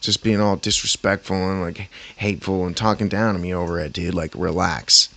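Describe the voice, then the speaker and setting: A man telling a work story to the camera in a rambling, animated way, full of fillers and slang. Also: sits low, brisk. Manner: rambling, animated, heavy on "like" and "bro". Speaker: vlogger. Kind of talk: casual storytelling.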